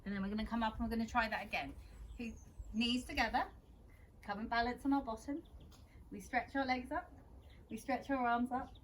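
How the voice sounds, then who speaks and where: A young woman leads a children's yoga session in a gentle, encouraging way. Her voice sits slightly high. A faint hum of background noise runs underneath. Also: fairly even intonation, a little fast, long pauses. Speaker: kids yoga teacher. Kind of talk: guiding a children's yoga class.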